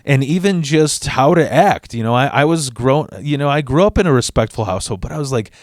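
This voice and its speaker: A man tells a personal story in a loose, rambling way, often stumbling over restarts. He swears freely in a middle-pitched voice. The recording is dry and close. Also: animated, brisk, no echo. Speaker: vlogger telling a personal story. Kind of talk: casual storytelling.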